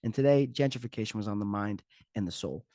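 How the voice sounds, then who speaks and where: A man's voice: lowish voice, fast, dark tone, no room sound, studio quality. A man hosting his own podcast as a fitness coach, talking casually and joking off the cuff. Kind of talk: casual solo podcast talk.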